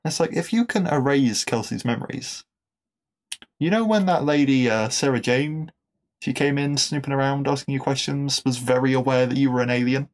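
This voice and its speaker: A man's voice: mid-range voice, moderate pace. A man hosting a podcast, chatting casually and enthusiastically, with lots of fillers and restarts, and laughing at his own jokes. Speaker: podcast host. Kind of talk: casual episode review.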